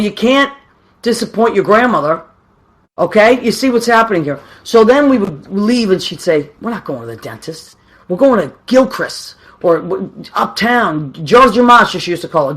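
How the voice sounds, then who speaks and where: A woman, telling a story about her grandmother in a chatty, self-mocking way with many asides. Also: medium pitch. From Boston, USA. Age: 50s. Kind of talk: casual storytelling.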